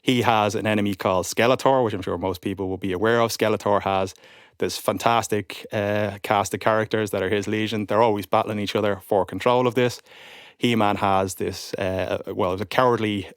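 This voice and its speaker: A young man with a somewhat low voice, spinning a lively anecdote for a podcast. He slips into other people's voices as he quotes them. The recording is dry and close to the mic. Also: a little fast, no room sound. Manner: animated, acts out quotes of others. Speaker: podcast guest. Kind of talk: casual storytelling chat.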